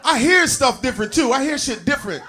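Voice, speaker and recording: A man in his forties doing a loud, punchy stand-up routine, acting out voices for his aches. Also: extremely high pitch, animated, fast, some chatter behind. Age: 40s. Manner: loud, punchy, acts out body parts talking. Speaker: stand-up comedian.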